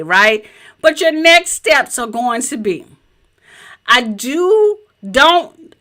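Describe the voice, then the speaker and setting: Southern woman coach, high bright voice, lively and chatty, teaching from her home office on a webcam. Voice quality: a little high-pitched. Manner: animated, chatty, talks straight to viewers. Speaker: business coach. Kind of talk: live-streamed teaching presentation.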